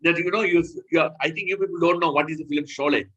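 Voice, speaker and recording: A man preaching in a scripture lecture, emphatic and animated, often stopping to correct himself. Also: a little high, fast talker, husky, lo-fi sound.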